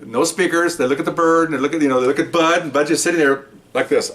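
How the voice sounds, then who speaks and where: A man's voice: on the high side, steady tone, fast talker, fairly bright tone, far from the mic. Rambling older male ex-cop storyteller. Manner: rambling, profane, acts out the voices in his story. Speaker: retired police officer storyteller. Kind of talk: casual anecdote telling.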